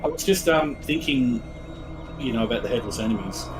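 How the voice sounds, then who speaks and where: A man's voice: medium pitch, animated, fairly quick, background noise. A man giving casual gameplay commentary, musing and a little hesitant as he explains game mechanics to friends. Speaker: let's play commentator.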